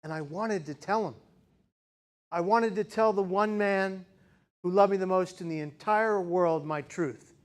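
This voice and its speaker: Man in his forties, high voice, keynote speaker, dramatic storytelling, loud then hushed. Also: a little slow. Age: 40s. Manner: dramatic, swings between loud intensity and hushed quiet. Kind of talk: personal storytelling speech.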